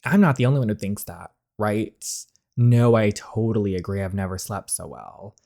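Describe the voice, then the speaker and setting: A man's voice: fairly low pitch, expressive, moderate pace, vocal fry, darkish tone. Chatty man reading a dating game aloud. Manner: chatty, rambling, with restarts and asides. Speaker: gaming YouTuber.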